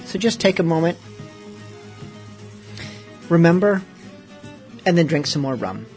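Male radio host, wry casual patter, fairly high voice, faint guitar music behind. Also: animated, unhurried. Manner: dry, wry and joking.

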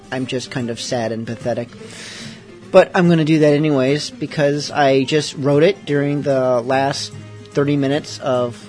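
A man hosting a late-night radio show, talking casually with rambling, self-deprecating asides. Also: mid-range voice. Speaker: host.

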